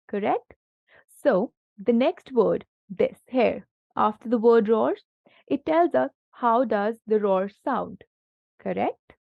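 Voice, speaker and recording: Slow, patient woman tutoring a child. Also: medium pitch, gravelly, dry recording, phone-quality sound. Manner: patient, encouraging, asks many questions. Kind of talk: one-on-one grammar lesson for a child.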